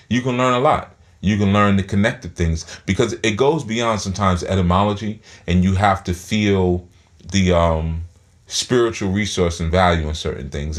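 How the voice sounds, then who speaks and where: A man giving a spiritual teaching talk, speaking through his teeth and often repeating words as he thinks aloud. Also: deep voice.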